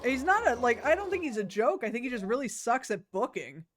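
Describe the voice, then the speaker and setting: A woman's voice: a little high, very animated, a little fast, music in the background. A woman chatting casually to her stream chat while playing a video game, rambling and joking. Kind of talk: casual gaming stream commentary.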